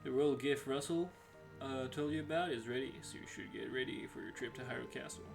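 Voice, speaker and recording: A stately old village mayor announces his news, as a man puts him on in a gravelly voice. He keeps a formal tone over background game music. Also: mid-range voice, brisk, natural voice.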